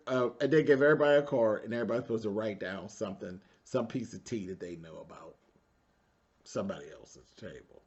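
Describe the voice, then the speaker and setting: A man's voice: medium pitch, darkish tone. Sassy gossiping man, dull lo-fi sound. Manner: sassy and gossipy, drawling "honey" and "child". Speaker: reality TV reviewer. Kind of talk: casual episode recap commentary.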